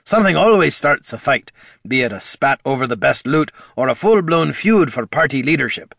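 A man's voice: medium pitch, sing-song, moderate pace, gravelly, a bit bright, no room sound, studio quality, voice pushed up, exaggerated voice. A man voicing a blunt, folksy veteran adventurer who worries about his party. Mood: earnest.

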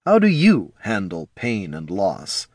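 A man voicing a blunt, fiery young sorceress, speaking slowly and dryly with little change to his own voice. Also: fairly low pitch, huge pitch swings, dry recording, full character voice.

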